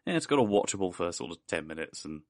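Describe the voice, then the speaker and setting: Guy cohosting a podcast, really low voice, curt and blunt. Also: sing-song, fast, darkish tone, no room sound, clean studio sound. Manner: blunt, laid-back, curt opinions. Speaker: podcast co-host. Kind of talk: casual chat.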